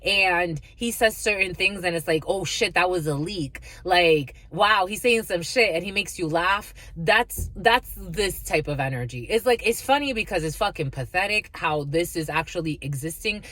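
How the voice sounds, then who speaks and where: A woman's voice: on the low side, expressive, normal speed, hardly any pauses, fairly bright tone, dry recording. A woman giving a casual spiritual reading, blunt and profane, laughing often and calling listeners her lovies. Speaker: spiritual reader.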